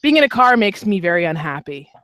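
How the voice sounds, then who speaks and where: A woman's voice: medium pitch, very animated, fast, fairly bright tone, no room sound. A woman co-hosting a casual podcast chat, telling stories candidly with frequent restarts and laughs. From Canada. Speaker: podcast co-host, motorcycle rider.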